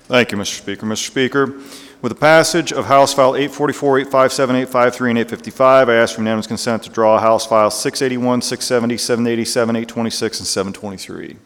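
A man speaking as a state representative, briskly rattling off bill numbers and procedural motions. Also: medium pitch, fairly even intonation, a bit bright. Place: legislative chamber. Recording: long reverb of a large chamber.

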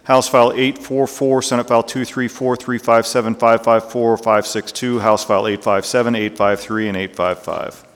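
A man speaking as a state representative, briskly rattling off bill numbers and procedural motions. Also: mid-range voice, little pitch movement. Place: legislative chamber. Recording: long reverb of a large chamber.

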